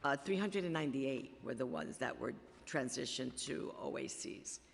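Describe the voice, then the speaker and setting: A man with a Bronx accent testifying at a budget hearing, halting and full of fillers and restarts. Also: medium pitch, expressive, gravelly, slight background noise. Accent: Bronx New York. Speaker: city agency official testifying. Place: large council chamber. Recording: long chamber reverb.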